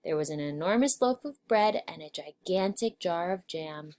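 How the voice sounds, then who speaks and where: A woman narrating a children's story aloud, expressive and changing her pitch and volume with the story. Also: normal speed, few pauses.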